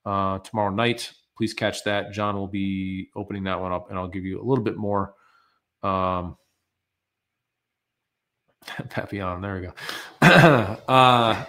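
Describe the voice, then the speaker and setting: A man with a fairly low voice and an American accent runs a live webinar Q&A. He speaks in a loose, conversational way, full of fillers and restarts, as he answers questions from viewers. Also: fairly even intonation, slow, long pauses, sharp tone. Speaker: webinar presenter.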